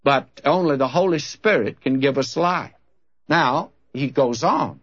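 A man's voice: medium pitch, animated, a little slow, husky. An older man, a preacher, telling a story in a sermon and acting out both sides of a conversation in a folksy way. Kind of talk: radio-style sermon with storytelling. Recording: dull lo-fi old recording.

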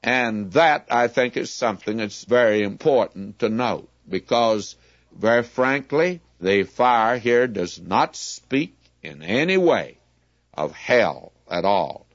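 Measured man teaching scripture, dry lo-fi sound. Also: fairly low pitch, lively intonation, dry recording. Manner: measured, explanatory, leaning on key words. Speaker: Bible teacher. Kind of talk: radio Bible teaching.

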